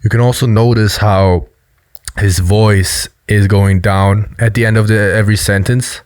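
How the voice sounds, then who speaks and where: A man's voice: lowish voice, fairly even intonation, measured pace, darkish tone, smooth, dry recording. A man giving a loose, explanatory commentary on body language, full of fillers. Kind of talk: casual video commentary.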